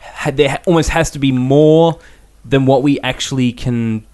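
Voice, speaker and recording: Man, 30s, podcast host, rambling casual storyteller, mid-pitched. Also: moderate pace, darkish tone. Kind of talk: casual chat.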